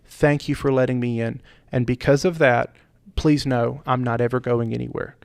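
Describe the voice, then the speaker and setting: A middle-aged man who is a pastor hosts a heartfelt podcast talk, with a gravelly, rough-edged voice. He speaks earnestly and drives his points home with repetition. His pitch sits in the middle range. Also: fairly even intonation, normal speed, darkish tone. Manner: earnest, preacherly, emphatic repetition.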